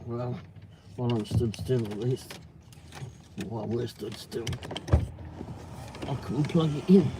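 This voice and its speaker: Very low-voiced woman in a car. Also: slow pace, long pauses. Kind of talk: casual chat in a car. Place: inside a car on the road. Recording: loud road noise in a car.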